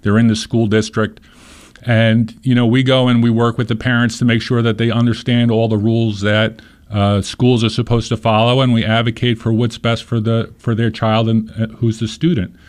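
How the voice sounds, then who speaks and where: A man's voice: mid-range voice, level tone, moderate pace. A man in an interview, earnestly explaining his organization's work with examples and short stories. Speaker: nonprofit leader being interviewed. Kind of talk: conversational interview.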